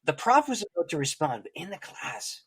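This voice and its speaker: A man's voice: a little high, wildly swooping pitch, fairly quick, a bit bright, breathy edge. A man, a guest on a podcast, telling a personal story and acting out the dialogue. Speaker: guest author and prayer teacher.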